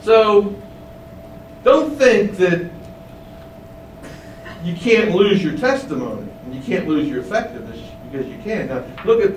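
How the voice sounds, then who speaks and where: A man's voice: high voice, animated, unhurried, pauses often. A man preaching a sermon, emphatic, with many rhetorical questions, in a windowless room. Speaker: pastor. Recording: roomy, distant mic, faint hum.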